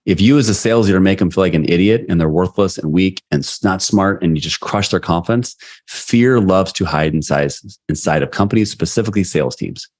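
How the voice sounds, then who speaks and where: Low-voiced middle-aged guy telling candid stories on a podcast, lots of restarts. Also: a little fast. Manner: candid, animated storyteller with many restarts. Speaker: guest, sales leadership coach. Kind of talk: storytelling interview answers.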